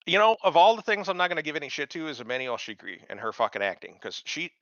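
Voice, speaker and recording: Profane, animated man ranting. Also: a little high, rapid-fire, dry recording. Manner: profane, ranting, mocks characters in put-on voices. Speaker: podcast co-host. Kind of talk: casual chat, crude TV recap. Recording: dull lo-fi sound.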